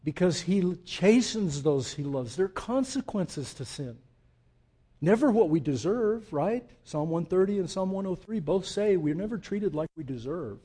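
Emphatic high-voiced male preacher. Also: expressive, moderate pace, slightly rough. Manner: emphatic, rising to loud peaks then dropping low and intimate; asks the congregation direct questions. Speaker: pastor. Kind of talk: sermon.

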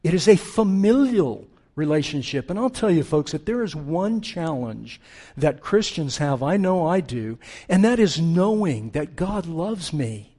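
A middle-aged male pastor preaching a sermon earnestly, dropping to a hush for tender quotes and rising with force to make his points. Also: a little high, lively intonation, measured pace, breathy edge.

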